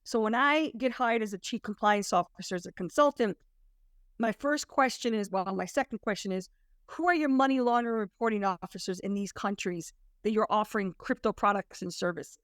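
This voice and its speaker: A woman's voice: mid-range voice, fairly quick, no room sound, studio quality. A woman working as a compliance consultant, talking to an audience in an emphatic, conversational storytelling way. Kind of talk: presentation to an audience.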